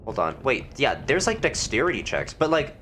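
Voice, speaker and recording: A man's voice: medium pitch, big pitch swings, moderate pace, fairly bright tone, a little hiss or hum. A man giving casual let's-play commentary, thinking aloud and reading game text. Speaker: gamer.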